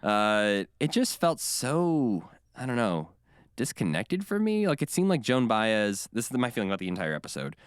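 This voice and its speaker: A man co-hosting a podcast in casual chat, animated and often acting out quotes. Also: medium pitch, normal speed, clean tone, no echo, clean studio sound. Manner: animated, quotes others in bursts. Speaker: podcast co-host.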